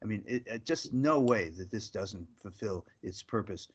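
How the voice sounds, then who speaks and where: A man's voice: lowish voice, lively intonation, moderate pace, breathy edge, dull audio. A man hosting an interview, putting questions and stating points emphatically and directly. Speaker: host. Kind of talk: interview hosting, political commentary.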